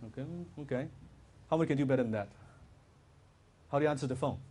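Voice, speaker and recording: A man giving a lively live sales seminar, quizzing the audience with questions. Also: mid-range voice, quick pace. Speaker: sales trainer and seminar speaker. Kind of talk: live motivational seminar talk.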